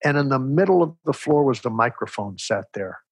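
An older man from Texas, an interview guest telling stories in a measured, reflective way, with a husky voice. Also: medium pitch, no room sound. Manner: measured, reflective, animated storyteller. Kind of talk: storytelling in conversation.

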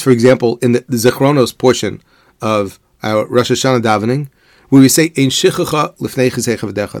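Man giving a measured religious lesson. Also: medium pitch, darkish tone, no echo, clean studio sound. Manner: measured explanatory delivery, posing rhetorical questions; weaves Hebrew quotations into English. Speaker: Torah teacher. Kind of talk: religious lecture.

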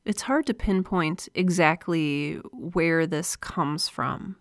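A woman's voice: fairly low pitch, slow pace, no room sound. A woman hosting her own solo podcast, speaking earnestly and confessionally into a close microphone, with an encouraging manner. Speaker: podcast host. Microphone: close studio mic.

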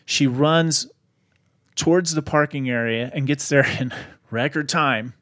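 A man casually retelling a paranormal story on a podcast, animated and full of fillers. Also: medium pitch, a little slow. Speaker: podcast host.

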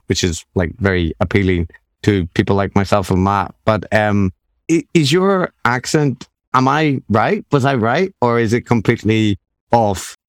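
Low-voiced laughing podcast co-host man. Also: no room sound, studio quality. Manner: rambling, laughs often, self-deprecating. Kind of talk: casual interview chat.

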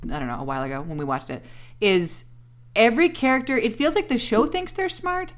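A woman's voice: fairly high pitch, lively intonation, brisk. A woman co-hosting a podcast, recapping a TV episode in casual, sarcastic chat, swearing and acting out the characters' lines. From Canada. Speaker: podcast co-host.

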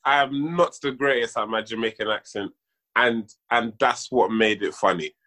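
A man's voice: fairly low pitch, normal speed, pushed and bright. A man, a sketch comedy actor chatting as a podcast guest, joking and mocking himself. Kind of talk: casual podcast chat.

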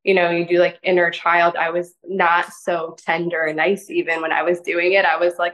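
A woman as a podcast guest, talking in a gentle, rambling casual way, full of "like" fillers. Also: fairly low pitch, flat delivery, normal speed, few pauses, rough recording. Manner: rambling, filler-heavy with frequent "like"; soft, gentle delivery. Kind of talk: casual interview conversation.

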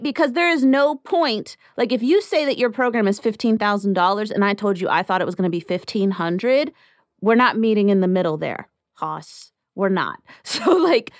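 A woman in her thirties hosts a podcast in a medium-pitched voice, chatting casually and acting out the lines of people she quotes. The sound is clean studio audio with no echo.

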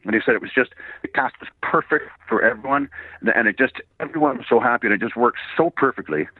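Guest: hoarse Canadian voice actor, faint Irish trace, lively storyteller, phone-quality line. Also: male voice, mid-range voice, fast, no room sound. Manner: animated, laughing storyteller with frequent restarts. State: a bit hoarse. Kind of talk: casual interview chat. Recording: tinny phone-line sound.

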